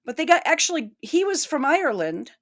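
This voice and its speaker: Woman commentator, fairly high voice, frank and cursing, emotional reaction talk. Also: big pitch swings, fairly quick, fairly bright tone. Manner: blunt, profane, emotional. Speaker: online commentator.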